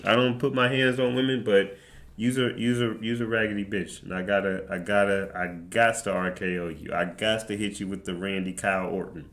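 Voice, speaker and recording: A man's voice: on the low side, steady tone, a little fast, fairly bright tone. A man streaming, telling a rambling, profane story in a casual way and laughing often. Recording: echoey room with background music.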